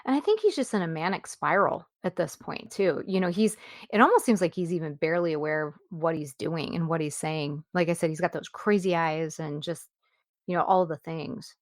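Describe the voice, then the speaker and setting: A woman's voice: low voice, a little fast, no echo, studio quality. A woman co-hosting a podcast, talking over a film in a reflective, casual chat. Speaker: podcast co-host.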